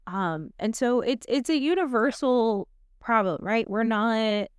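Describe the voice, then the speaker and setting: A woman with a smooth, resonant voice leads the talk with guiding questions and supportive examples as a counselor. She is recorded close and dry, with no room echo. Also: fairly high pitch, unhurried. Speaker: counselor and co-host. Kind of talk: conversational podcast discussion.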